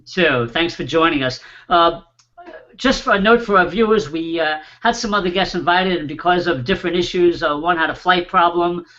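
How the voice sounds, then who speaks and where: A man hosting an online panel show, warmly introducing his guests and filling pauses with small "uh"s. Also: sits high, highs cut off. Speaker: host.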